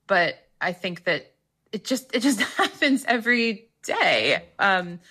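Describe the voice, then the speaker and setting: A woman's voice: medium pitch, very animated, takes it slowly, bright, forceful tone, breathy edge. A woman talking as a guest in a casual interview, chatty and peppered with filler words. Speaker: guest author.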